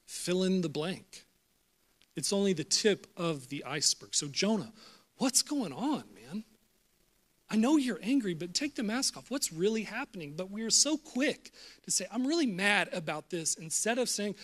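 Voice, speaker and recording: Young guy pastor, high bright voice, jokey sermon, gets loud and fired up. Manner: jokey, animated, gets loud when riled up. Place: church auditorium.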